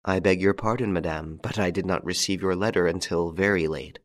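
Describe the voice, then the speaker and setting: A man playing a calm, masterful gentleman rescuer, courteous and commanding. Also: low voice, brisk, natural voice.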